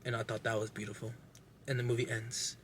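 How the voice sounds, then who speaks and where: A young man casually recapping a movie plot with lots of swearing, animated and acting out lines. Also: medium pitch, fast, a little hiss or hum. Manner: animated, profane, acts out characters' lines. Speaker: podcast host reviewing a movie.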